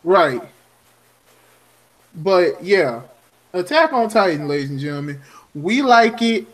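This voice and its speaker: A man with a fairly high voice co-hosting a casual podcast. He repeats words as he builds up to a point and introduces the next segment. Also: big pitch swings, slow pace. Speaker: podcast co-host. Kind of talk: casual chat.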